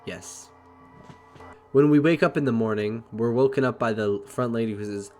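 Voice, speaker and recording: Man narrating a game playthrough, steady and explanatory, mid-pitched voice. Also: moderate pace, soft background music. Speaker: gameplay narrator. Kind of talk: let's play narration.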